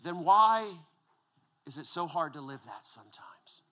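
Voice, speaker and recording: A male pastor preaching a conversational sermon, repeating words and dropping to a hushed, low voice for emphasis. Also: animated, measured pace.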